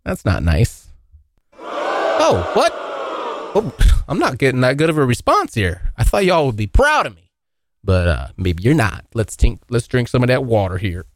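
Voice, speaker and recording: Lively, swearing young-sounding man podcasting. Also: moderate pace, a little hiss or hum. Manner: animated, swearing, jokey, yelps into high voices. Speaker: podcast host. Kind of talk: casual solo podcast chat. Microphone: hot close mic.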